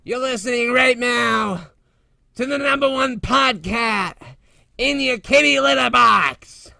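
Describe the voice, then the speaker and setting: A man's voice: extremely high pitch, slow, gravelly, sharp tone, dry recording, exaggerated voice. A man voicing an abused male house cat who wails, sobs and meows between complaints in a comedy podcast bit. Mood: boastful. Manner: wailing, sobbing, meowing between complaints.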